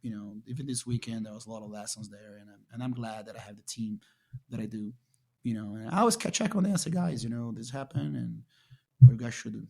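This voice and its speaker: Brief: male jiu-jitsu champion, Portuguese first language, raspy gravelly tone, lively storytelling. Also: mid-range voice, quick pace. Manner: animated storyteller, acts out his own past lines. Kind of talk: casual storytelling interview.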